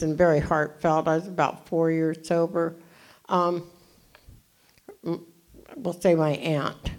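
A woman in her seventies from California gives an animated, jokey, self-deprecating storytelling talk as a recovery meeting speaker. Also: fairly low pitch. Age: 70s.

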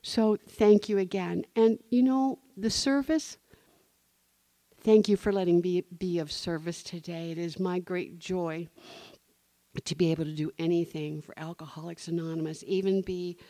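A woman's voice: fairly low pitch, fairly even intonation, moderate pace, warm tone, no echo. A middle-aged woman speaking at a recovery meeting, telling a personal story and acting out the dialogue. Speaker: speaker sharing her story.

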